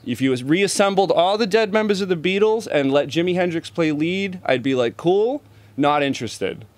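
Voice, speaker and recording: A man in his thirties who works as a touring roadie and musician chats as a podcast guest, laid-back, profane and self-deprecating in a casual interview. His voice is high-pitched and animated, a little fast, with no room sound.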